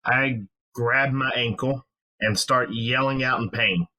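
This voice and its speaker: Male tabletop player, mid pitch, bright tense voice, brash. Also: steady tone, slow. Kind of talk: casual game table talk.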